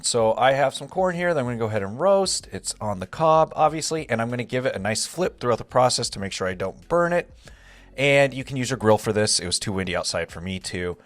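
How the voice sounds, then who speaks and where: A young man talks through a home recipe step by step, relaxed and chatty. His voice moves a lot in pitch, and the sound is dry and close, with no room echo. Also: brisk, faint music behind. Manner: relaxed, step-by-step instructions with frequent "gonna go ahead". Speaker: home cook and channel host. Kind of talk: casual cooking walkthrough. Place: home kitchen.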